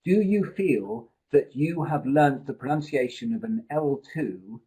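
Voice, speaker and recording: A man's voice: mid-range voice, lively intonation, unhurried, warm tone, slightly rough, rough recording. A man tutoring a live online pronunciation seminar, explaining at length and thinking aloud with restarts, speaking into a computer mic.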